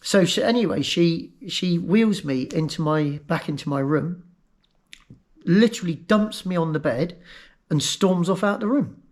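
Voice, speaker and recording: A man's voice: fairly high pitch, animated. Brief: man, emotional first-person storyteller, stammers and repeats himself. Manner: halting and emotional, repeats words. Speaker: vlogger telling his own story.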